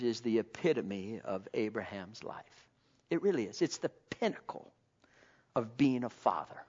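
A man preaching a sermon to his congregation, fervent, swinging between loud exhortation and low, quiet asides. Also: husky, highs cut off.

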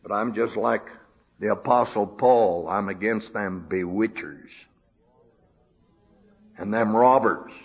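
Older man, preacher, sermon, slow delivery, swinging between hushed and loud, muffled lo-fi sound. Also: breathy edge. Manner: animated, swings from low murmur to high outbursts. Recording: dull lo-fi sermon recording.

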